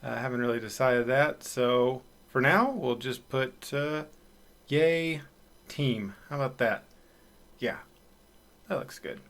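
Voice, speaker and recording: A man's voice: mid-range voice, lively intonation, slow pace, long pauses, a bit bright. A man hosting a city-building let's play, casual commentary with a chatty, self-deprecating way and frequent fillers.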